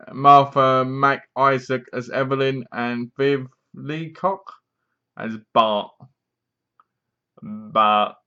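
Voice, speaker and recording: A man's voice: mid-range voice, fairly bright tone, muffled recording. A man casually reviewing a movie, rambling along, leaning on "basically" and correcting himself as he goes. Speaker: film reviewer.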